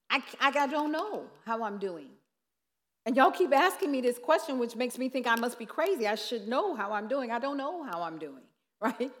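An earnest woman minister preaches in a conversational way with a fairly high voice, dropping rhetorical asides to her listeners. Her words ring out with the long reverb of a large hall or church. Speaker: minister teaching on grief ministry. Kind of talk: sermon-style teaching.

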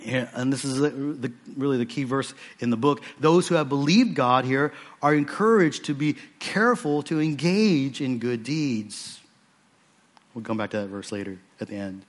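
A man's voice: medium pitch, normal speed. A man preaching an earnest sermon to his own church, stressing points by repeating phrases. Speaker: pastor.

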